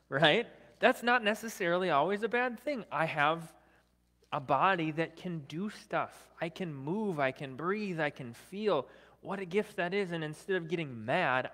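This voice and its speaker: A man's voice: a little high, fairly bright tone, in a large hall. A man preaching a sermon as a guest speaker, talking conversationally, often adding "right?", with self-deprecating humor. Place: church sanctuary.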